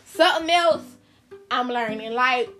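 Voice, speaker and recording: Speaking a little slowly in a high, pushed, bright voice, a young woman hosts her own podcast and talks straight to her listeners. The casual, informal chat has faint music playing behind it.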